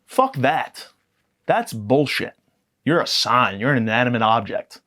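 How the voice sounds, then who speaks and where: A man's voice: mid-range voice, very animated, a little slow, sharp tone. Profane man ranting for laughs. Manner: profane, rambling, mock-outraged. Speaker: podcast guest. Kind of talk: comedic storytelling rant.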